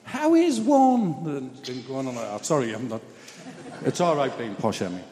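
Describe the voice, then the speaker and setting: A man's voice: medium pitch, fairly quick, in a large hall. A man giving a personal testimony in a chatty, blunt, self-mocking storytelling way.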